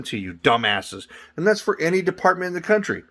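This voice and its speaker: A man's voice: fairly high pitch, sing-song, brisk, few pauses, a bit bright. A man giving an angry, profane political rant on his vlog, often repeating words as he works himself up. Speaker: vlogger.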